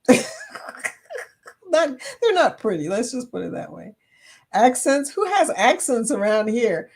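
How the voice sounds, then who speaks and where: A woman with a Kentucky accent hosting a casual livestream chat, chatting away, reading viewer comments aloud and laughing often. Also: mid-range voice. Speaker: livestream host.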